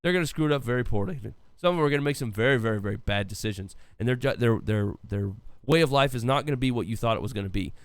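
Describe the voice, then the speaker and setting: A man's voice: mid-range voice, expressive, racing, hardly any pauses, clean tone, dry recording. A man co-hosting a podcast, giving earnest, preachy advice on youth ministry in casual chat. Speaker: podcast co-host.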